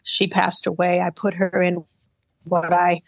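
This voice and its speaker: A woman's voice: fairly low pitch, flat delivery, no echo, dull audio. Earnest middle-aged woman, dry studio sound. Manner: thoughtful, earnest, measured. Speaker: interviewed singer. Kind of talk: reflective interview talk.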